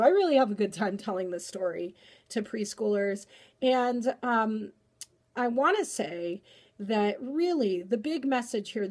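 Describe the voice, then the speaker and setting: High-voiced woman reading a storybook aloud. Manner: animated storyteller, chatty with fillers afterward. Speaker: early-childhood educator. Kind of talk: reading a picture book aloud, then informal reflection.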